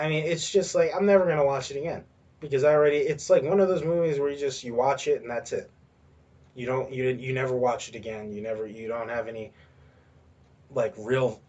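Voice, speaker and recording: A man's voice: medium pitch, a little mellow, dull audio. A man hosting a podcast on his own, ranting in a rambling way with lots of swearing and filler words. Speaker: podcast host. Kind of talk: solo ranting commentary.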